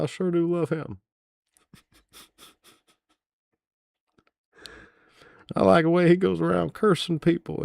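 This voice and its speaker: A soft-spoken older politician drawls out his folksy praise in a voice pushed well above the performer's own, as a man impersonates him, with a gravelly edge. The delivery is sly and chuckling, recorded dry and close. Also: fairly high pitch, dry recording, voice pushed up.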